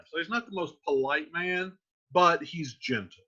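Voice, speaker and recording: A man's voice: on the high side, a little slow, sharp tone. A man teaching a class, casually retelling a play in plain everyday words. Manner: paraphrases in plain slang. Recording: muffled lo-fi recording.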